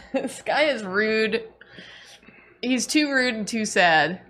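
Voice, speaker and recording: A woman co-hosts a casual game stream with a bright, sharp voice. She is playful and keeps cracking jokes as she chats. She laughs easily. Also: a little high, lively intonation, slow pace. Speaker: stream co-host. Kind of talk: casual let's-play chat.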